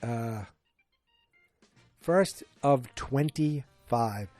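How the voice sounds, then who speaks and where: A man's voice: mid-range voice, darkish tone, dry recording, faint music behind. A man in his forties hosting a casual solo podcast, rambling and joking as he retells a sitcom episode and acts out lines. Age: 40s. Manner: rambling, jokey, acts out characters in quick bursts. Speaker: podcast host.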